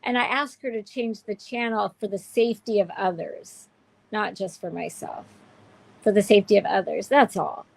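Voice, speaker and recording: A woman's voice: mid-range voice, normal speed, vocal fry, rough recording. A woman hosting a candid livestream chat, speaking in a heartfelt, emotional way with many restarts. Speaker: show host.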